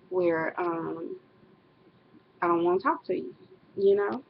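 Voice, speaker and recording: Middle-aged woman, husky voice, casual rambling vlog monologue, dull webcam audio. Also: fairly low pitch, unhurried, long pauses. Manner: rambling, self-correcting, laughs often. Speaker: vlogger.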